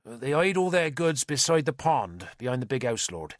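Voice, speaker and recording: A man voicing an eager young spearman reporting quickly and a little higher. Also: sing-song, dry recording, studio quality, lightly acted.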